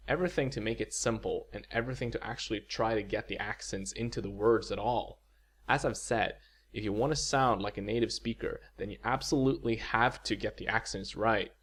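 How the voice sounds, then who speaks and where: A man explains a language point in a video lecture at a slow, deliberate pace. His voice sits low and has a gravelly, husky grain. He speaks in measured lines and pauses on example words. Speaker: language teacher.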